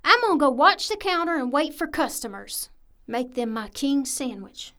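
A weary kitchen worker, played by a woman, with a high voice and a blunt, tired manner. She would rather be outside with a cigarette than stirring sauce. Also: sing-song, moderate pace, fairly bright tone. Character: weary female cook, a smoker who wants a break.

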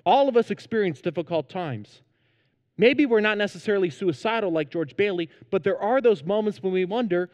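A man's voice: high-pitched, expressive, a little fast, darkish tone, long reverb tail, muffled recording. A man preaching a sermon as pastor, earnest and emphatic, in a church sanctuary.

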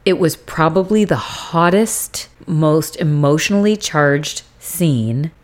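A woman's voice: low-pitched, slow. A young adult woman co-hosting a podcast, recapping a TV series in casual chat and acting out scenes with swearing. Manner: animated retelling, acting out scenes with profanity. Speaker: podcast co-host.

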